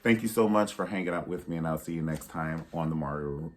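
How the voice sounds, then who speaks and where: A man in his thirties hosting a casual review vlog, telling stories with animated energy and jumping into high voices to act out quotes. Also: fast. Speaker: YouTube reviewer.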